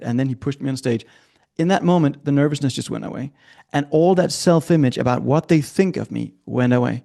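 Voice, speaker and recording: A middle-aged man speaks as a coach in an interview, telling stories in a lively, animated way. He plays out the voices of people he quotes, and his voice is gravelly. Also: mid-range voice, fairly quick. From Scandinavia. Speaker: guest, transformational coach. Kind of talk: animated storytelling.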